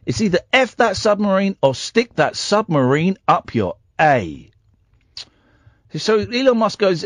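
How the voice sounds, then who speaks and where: Sarcastic, animated radio host man. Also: high-pitched, measured pace, no echo, clean studio sound. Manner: rambling, sarcastic, teasing callers. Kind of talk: comic talk radio.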